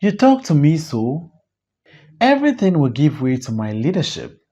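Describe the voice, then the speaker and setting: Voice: mid-range voice, sing-song, normal speed, mellow. A reader voicing a fiery young male leader who speaks in a commanding, preaching way, on a dull lo-fi recording. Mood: defiant.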